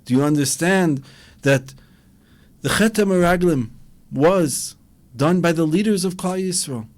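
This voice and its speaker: A man's voice: a little high, unhurried. A man, a rabbi, giving an impassioned Torah lecture and acting out dialogues with a rising voice.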